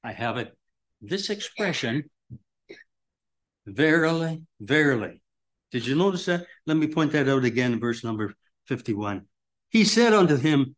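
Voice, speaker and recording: A man preaching a sermon, rambling with asides and restarts, who rises sharply when quoting scripture and drops low and soft between quotes. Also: expressive, unhurried, long pauses.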